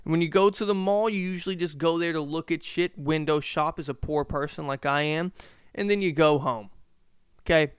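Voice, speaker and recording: A man hosting a casual solo podcast, telling a story in an animated, profane way. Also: fairly high pitch, moderate pace, clean tone, no room sound. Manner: animated, profane, shouts in reenactments. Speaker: podcast host. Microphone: podcast mic.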